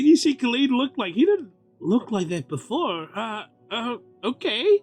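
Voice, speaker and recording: A man narrating as game master of a tabletop game, animated and quick to laugh. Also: very high-pitched, faint music behind.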